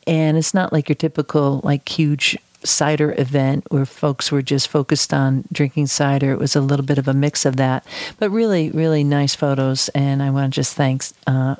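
A woman hosting a podcast in a casual chat, chatty and digressive, gushing warmly about people she likes. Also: a bass voice, little pitch movement, moderate pace, no echo. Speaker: podcast host.

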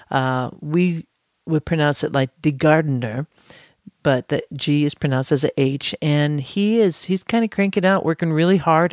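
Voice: medium pitch, no room sound, studio quality. A podcast host talking casually and enthusiastically, chatty and loose, with frequent restarts and asides. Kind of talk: casual solo podcast talk.

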